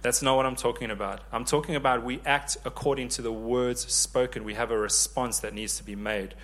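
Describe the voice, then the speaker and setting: A man in his thirties preaching a sermon, lively and joking with the congregation. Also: mid-range voice, brisk. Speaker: pastor.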